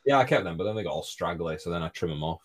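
A man's voice: low voice, animated, racing. A man guest-hosting a podcast, chatting casually and teasing his friends. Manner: teasing, joking. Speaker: guest host. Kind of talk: casual chat.

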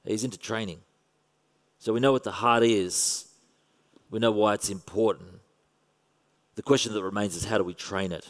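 A man's voice: fairly low pitch, steady tone, moderate pace, long pauses. Australian man preaching in a hall. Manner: conversational preaching with wry humour. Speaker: pastor. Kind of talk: sermon.

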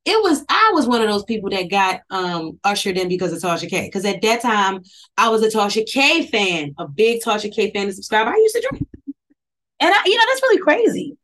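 A woman's voice: mid-range voice, big pitch swings, brisk, a bit bright. A woman hosting her podcast in a casual, rambling monologue. She swears a lot, wanders off topic and talks straight to her listeners, with her mouth close to a phone microphone. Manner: profane, digressive, talks to listeners directly. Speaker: podcast host.

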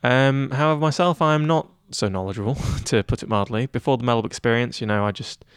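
A young man in his twenties talking in a relaxed interview, chatty and self-deprecating with lots of fillers. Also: medium pitch, brisk, smooth, dry recording, studio quality. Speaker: head of news at student radio. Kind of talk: casual interview chat.

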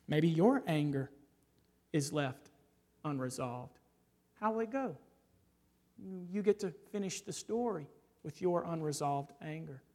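A man preaching a sermon in a conversational, animated way, often checking in with his listeners and rising to stress points. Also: a little high. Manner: conversational, frequent "right?" asides. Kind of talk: expository sermon.

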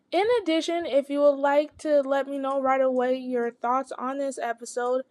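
High-pitched woman hosting a podcast, upbeat, giggly, wraps things up. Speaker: podcast host. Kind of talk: casual interview chat and outro.

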